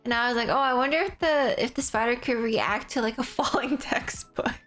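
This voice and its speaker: A young woman livestreamer chatting casually, rambling and giggling as she tells animated stories. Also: fairly high pitch, a little fast, soft background music. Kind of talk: casual stream chat.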